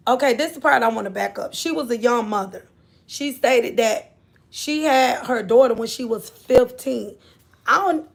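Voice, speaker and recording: A woman with a fairly high, gravelly voice hosts a casual livestream. She talks loosely and repeats herself, stopping often to greet the people in her chat. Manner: rambling, repeats herself, chats with viewers. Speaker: livestream host.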